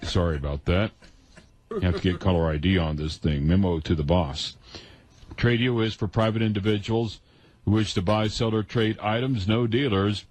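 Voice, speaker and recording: A male radio host running a call-in show, brisk and stern when a call goes wrong. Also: on the low side, darkish tone.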